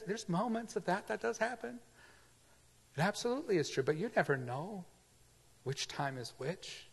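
A man preaching a sermon in a casual, conversational way, moving from loud emphasis to quiet asides. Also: fairly high pitch, big-room sound. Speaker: pastor.

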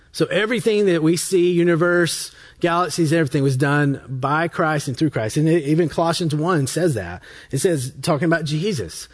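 A man preaching a sermon in a conversational way, often restarting and correcting himself, and slowing down and softening when he reads scripture aloud. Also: fairly high pitch. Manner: conversational, self-correcting, with frequent restarts and fillers. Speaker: pastor.

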